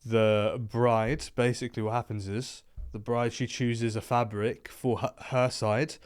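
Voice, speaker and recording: A man, a comedian co-hosting a podcast, telling a story in casual comedic chat, animated and laughing often. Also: medium pitch, measured pace, smooth. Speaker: co-host, comedian.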